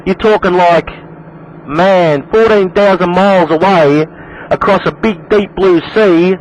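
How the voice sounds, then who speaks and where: A man's voice: high voice, unhurried, dull audio. An Australian man chatting over CB radio, repeating himself and calling the other operator man. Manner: repetitive, calls everyone man. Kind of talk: casual CB radio chat. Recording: noisy radio skip.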